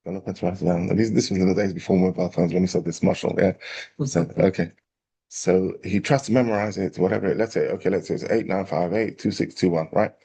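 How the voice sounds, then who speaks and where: A man, a rabbi telling a parable in a lively storytelling class. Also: low voice, fast, slightly rough. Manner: animated storyteller, acting out quotes.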